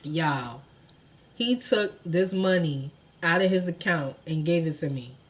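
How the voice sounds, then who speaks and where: New woman vlogger, lively storyteller, talks straight to her viewers. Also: low-pitched, a little slow. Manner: animated, profane storytelling that addresses viewers directly. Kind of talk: storytime vlog.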